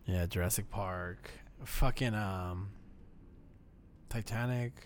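A man's voice: fairly low pitch, takes it slowly, a little hiss or hum. A man in his thirties, a father, chatting casually with a friend on a podcast, swearing and laughing a lot. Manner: profane, laughing banter. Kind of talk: casual chat.

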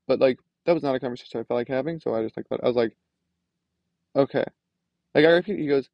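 Young man, gravelly voice, dry close sound, casual rant, lots of fillers. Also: medium pitch, fast talker, a little mellow, no room sound, dull audio. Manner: ranting, frustrated, many "like" fillers. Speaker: podcast host. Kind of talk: casual solo podcast monologue.

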